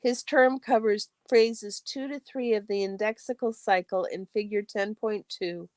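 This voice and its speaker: A woman hosting a study stream reads a textbook aloud steadily and in a measured way, with her phrases trailing off into a soft whisper at the ends. Her pitch is medium and the recording is dry.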